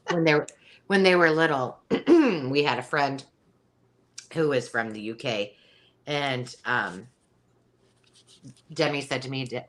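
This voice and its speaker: A woman's voice: very deep voice, lively intonation, slow pace, pauses often. A middle-aged woman hosting a live sale, talking in a rambling, chatty way with frequent ums. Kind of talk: casual live-stream selling chat.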